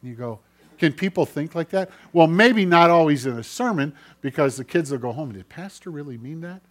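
A man preaching a sermon as pastor, swinging between loud, declaiming passages and hushed, low ones. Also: lively intonation, a little fast.

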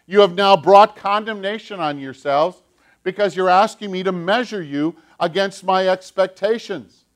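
A man's voice: high voice, moderate pace, lightly acted. A man voicing God as a patient, fatherly figure, speaking in an earnest, explaining way.

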